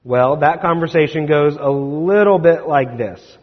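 Speaking a little slowly in a slightly high voice, a male pastor retells scripture during a sermon, keeping it conversational and asking his congregation rhetorical questions. The sound is slightly dull and echoes like a large hall.

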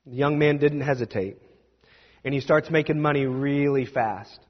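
A man preaching and telling a story dramatically, swinging between loud and hushed. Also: mid-range voice, moderate pace. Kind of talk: sermon storytelling. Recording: dull sound with long hall reverb.

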